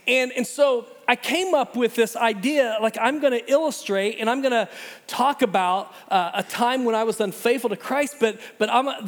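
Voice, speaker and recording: High-voiced middle-aged male pastor. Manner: earnest and conversational, self-deprecating humor. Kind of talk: sermon with opening prayer. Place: church sanctuary. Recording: long church hall reverb.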